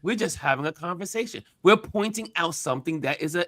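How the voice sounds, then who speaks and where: A man hosting a casual talk show, telling stories with animated emphasis. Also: a little high, fairly quick, dry recording. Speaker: podcast host. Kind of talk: casual chat.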